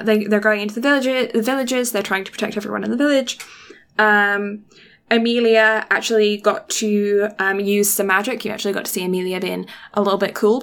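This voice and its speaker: A woman's voice: mid-range voice, a bit bright. A woman in casual chat, retelling an episode at length with many ums and restarts.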